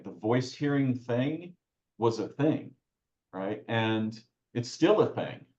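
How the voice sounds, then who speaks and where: A man's voice: mid-range voice, darkish tone, reverberant, dull audio. A man talking as a podcast guest, reflective and searching, often restarting his phrases mid-thought. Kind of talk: reflective conversational talk.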